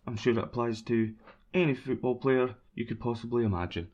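A man's voice: mid-range voice, fairly quick. A man chatting casually about football, rambling and self-mocking as he answers listeners. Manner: rambling, self-mocking, bursts into sung chants. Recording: dull lo-fi recording.

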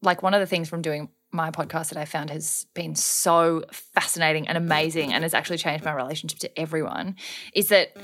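A woman's voice: low-pitched, steady tone, fairly quick, a bit bright. A woman who hosts her own podcast, speaking as a guest; she asks questions and reflects with enthusiasm in casual chat.

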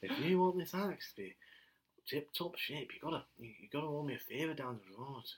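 A man voicing a haggling Scottish dwarf blacksmith in a low, drawling, wheedling way. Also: lively intonation, fairly quick, close to an everyday voice. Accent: Scottish, put on.

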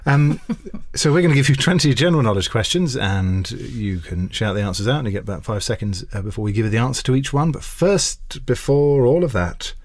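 A man co-hosts a comedy quiz podcast and serves as quizmaster, reading general knowledge questions and trading dry, playful banter. His medium-pitched voice is animated and a little fast, with hardly any pauses.

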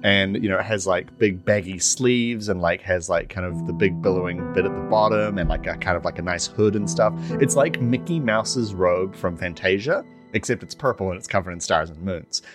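A fairly low-voiced man describing his game character in a loose, rambling way, full of fillers and restarts. Music plays clearly underneath. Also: moderate pace, few pauses. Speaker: player.

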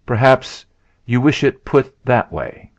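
Man doing a stern, steady mountain man. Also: slow, dry recording. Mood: grave. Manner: low, level and steady. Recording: dull lo-fi sound.

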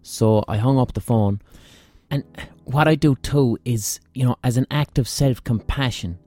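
A man's voice: medium pitch, a little slow, warm tone. An Irish man hosting a podcast, telling a rambling, profane, self-mocking story in a casual monologue. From Ireland. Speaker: podcast host.

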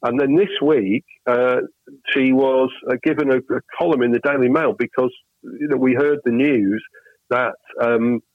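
A man's voice: mid-range voice, fairly even intonation, normal speed, no room sound, phone-quality sound. British man, rambling political chat. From Britain. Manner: rambling storyteller, many restarts. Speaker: podcast co-host.

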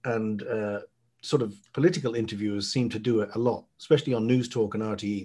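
An Irish man chatting on a podcast, animated and laughing, mimicking other people's voices, a little out of breath. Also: mid-range voice, husky. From Ireland. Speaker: guest. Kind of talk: casual podcast chat.

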